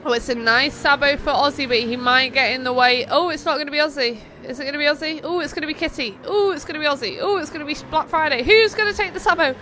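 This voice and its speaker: A young woman hosting and commentating on a sim-racing stream, chatting playfully between race calls and getting excited at close battles. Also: high voice, quick pace, few pauses, slight background noise.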